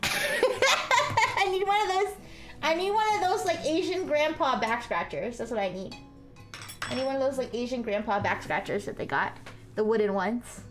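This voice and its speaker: A woman's voice: on the high side, fairly bright tone. A woman streamer chatting casually and rambling with blunt, giggly asides while playing a visual novel.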